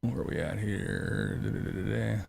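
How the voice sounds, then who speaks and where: A man's voice: fairly low pitch, moderate pace, vocal fry, a little mellow, breathy edge, dry recording. A man hosting a livestream commentary show, ranting in a sarcastic, mocking way, swearing freely and laughing often. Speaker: commentary channel host. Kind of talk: profane livestream rant.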